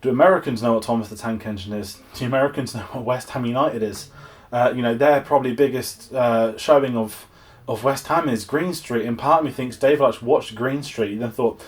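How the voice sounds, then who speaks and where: A man's voice: medium pitch, fast. A young English man giving a casual, exasperated film review, rambling with frequent restarts. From England.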